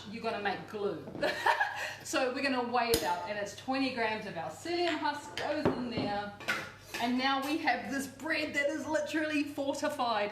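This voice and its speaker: A woman's voice: fairly high pitch, a bit bright, echoey room, a little hiss or hum. A woman hosting a cooking demonstration, chatty and enthusiastic with playful asides. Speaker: cooking show host.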